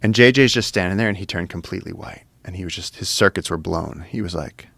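Male podcast guest, very low gravelly voice, animated storyteller, swears freely, dry close mic. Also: fast, no room sound. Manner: excited, profane, lots of fillers and restarts. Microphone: studio podcast mic.

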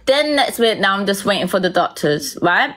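A woman's voice: medium pitch, animated, a little fast, fairly bright tone. A young woman telling a painful personal story, close to tears, rambling and often checking in with "yeah?".

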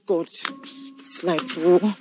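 An anxious, stammering young parent. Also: female voice, on the low side, steady tone, takes it slowly, noisy background. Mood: pleading. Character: frightened young parent pleading with elderly aunt. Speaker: parent leaving child with grandmother. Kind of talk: film drama acting.

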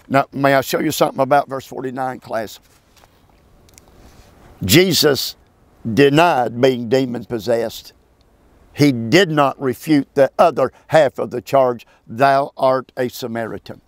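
A man teaching a Bible passage verse by verse, emphatic and preacherly, with halting restarts and calls for amen. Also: mid-range voice, no room sound.

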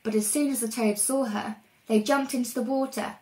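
A woman reading a storybook aloud to children in a lively, expressive way. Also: fairly high pitch, normal speed, low-quality recording. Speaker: reader.

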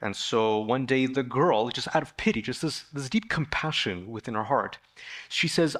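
A man preaching a sermon in a church, retelling a Bible story in a lively way and raising his voice to act out the people in it. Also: moderate pace. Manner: animated storytelling, acting out the figures with sudden raised pitch. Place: church sanctuary.

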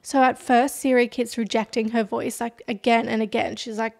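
A woman's voice: on the high side, level tone, normal speed, gravelly, few pauses. A woman hosting a podcast, casually retelling a true-crime story with lots of "like" fillers and dramatic emphasis. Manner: chatty, heavy use of "like" as filler. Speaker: podcast host.

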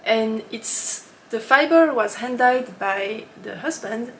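A woman hosting a knitting podcast in a casual, chatty way, often laughing and pausing with ums. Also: fairly high pitch, echoey room, slight background noise. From lives in Switzerland.

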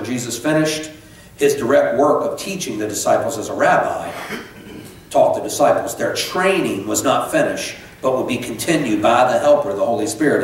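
A man's voice: medium pitch, a little hiss or hum. A middle-aged male pastor delivers a sermon in a chatty, unpolished way, looping back on his phrases and breaking off for asides. His voice rings through a very echoey sanctuary, picked up from some distance away. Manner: conversational preaching with many restarts and asides. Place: church sanctuary. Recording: echoey church from far off.

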